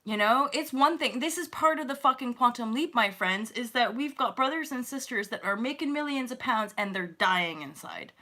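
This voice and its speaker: A woman's voice: a little high, animated, moderate pace, few pauses, bright, forceful tone. A woman hosting a spiritual livestream, chatting casually with viewers, swearing freely and laughing often. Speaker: spiritual coach and livestream host. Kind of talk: casual livestream chat reading comments.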